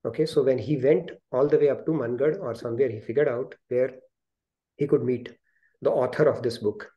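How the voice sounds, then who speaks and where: A man with an Indian English accent tells a story to a group on a video call. His voice is mellow and warm, and he acts out the quoted lines with animation. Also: medium pitch, moderate pace, highs cut off. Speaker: host of an online spiritual study session.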